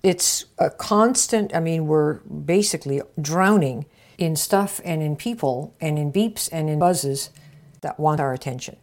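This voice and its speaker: A woman hosting a marketing podcast, coaching listeners in a casual way and acting out little conversations with bright shifts of tone. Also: deep voice, a little slow. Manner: acts out little dialogues with lively shifts of tone.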